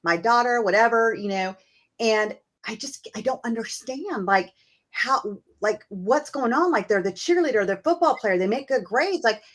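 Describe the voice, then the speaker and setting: A woman's voice: on the high side, lively intonation, a little slow. A woman hosting a casual conversation, talking earnestly and thinking aloud with lots of "you know" and "like.". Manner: earnest, talks things through with fillers like "you know" and "like". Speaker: host.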